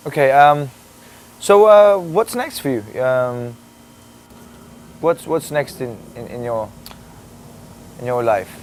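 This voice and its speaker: A man's voice: medium pitch, slow, long pauses, slight background noise, natural voice. A man from Sweden playing an awkward male sports interviewer who stammers and hesitates through his questions. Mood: earnest. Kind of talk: comedy sketch interview.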